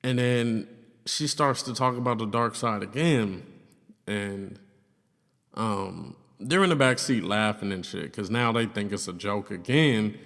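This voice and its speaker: A man's voice: on the low side, a little slow, gravelly, fairly bright tone. A young man casually telling a personal story, loose and profane, with lots of fillers. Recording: long reverb, hollow room sound.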